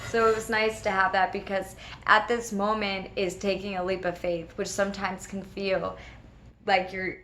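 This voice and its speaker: A woman, a regular host of a spiritual video series, telling a personal story in casual, animated talk and acting out the voices of the people in it. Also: medium pitch, moderate pace, a little hiss or hum. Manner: animated, laughing often, acts out quoted voices.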